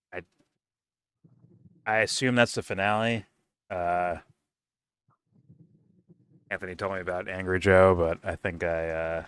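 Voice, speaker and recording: A man's voice: sits low, a bit bright, clear, resonant tone. A man giving a casual, profane TV review, rambling loosely with lots of "like" and restarts. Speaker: TV show reviewer.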